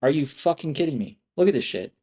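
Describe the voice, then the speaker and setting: Quick, expressive and husky, this young man's voice runs on the high side with a dark tone. He's live-streaming his stock trades in frustration, cursing nonstop and tossing out "bro" and "dude" to his viewers as he comments.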